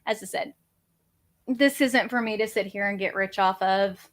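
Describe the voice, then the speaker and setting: A woman's voice: mid-range voice, moderate pace. A woman, hosting a casual livestream chat from her home office in a rambling, chatty, self-deprecating way. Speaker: crafting channel host.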